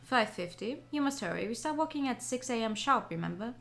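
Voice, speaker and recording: A woman voicing a brisk, teasing young maid who bosses her roommate around. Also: on the high side, lively intonation, vocal fry, a bit bright. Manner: brisk, scolding, bossy.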